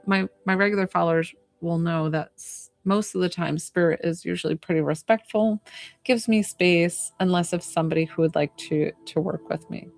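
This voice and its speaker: Lady chatting on a live stream, low gravelly voice, giggly, lots of likes and ums. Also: no room sound. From United States. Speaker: psychic medium hosting a live stream. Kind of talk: casual live-stream chat.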